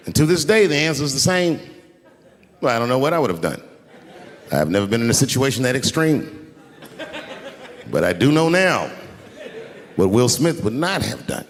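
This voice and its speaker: A male stand-up comedian telling stories on a handheld mic, swinging into loud acted-out outbursts, live in a large arena with the audience laughing. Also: mid-range voice, sing-song, normal speed, pauses often, long reverb tail. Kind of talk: stand-up routine. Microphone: handheld stage mic. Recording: live arena with roaring crowd.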